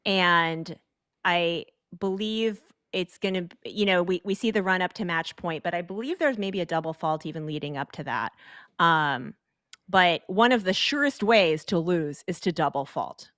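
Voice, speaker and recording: Woman guest, low voice, dry sound, talks through plot details with fillers and restarts. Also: moderate pace, a bit bright, no room sound. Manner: explains tennis rules at length, many fillers and restarts. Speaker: guest film commentator. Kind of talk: casual film discussion.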